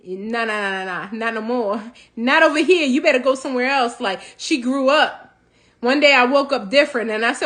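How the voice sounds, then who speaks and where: High-voiced, animated motivational woman. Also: moderate pace. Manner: animated, preachy, laughs between points. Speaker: host of a healing talk show. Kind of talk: motivational talk.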